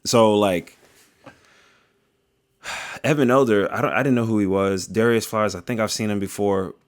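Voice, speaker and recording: A man's voice: on the low side, normal speed. A young man talking through fight reactions in a rambling, joking, slangy way. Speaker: video creator reviewing fights. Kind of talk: casual reaction commentary.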